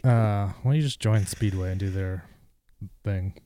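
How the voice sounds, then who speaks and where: A young man co-hosting a casual sports podcast, talking in a halting way full of fillers and restarts. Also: lowish voice, dark tone, dry recording, studio quality. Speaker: podcast co-host.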